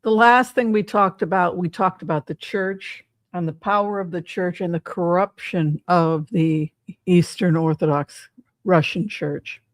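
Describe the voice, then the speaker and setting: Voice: mid-range voice, steady tone, unhurried, no echo, clean studio sound. A psychic tarot reader giving casual livestream commentary in a chatty way, often asking the audience rhetorical questions.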